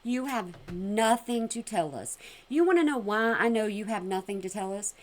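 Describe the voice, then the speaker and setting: A woman giving sassy, mocking commentary on a clip, with a twang and sudden loud outbursts. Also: mid-range voice, expressive, moderate pace. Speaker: commentary vlogger reacting to a clip. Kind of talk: casual commentary.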